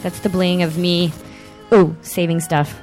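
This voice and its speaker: A woman in her thirties hosting a casual chat show, rambling and excitable with lots of fillers. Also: fairly low pitch, unhurried, faint music behind. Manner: excitable, animated outbursts. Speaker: podcast host.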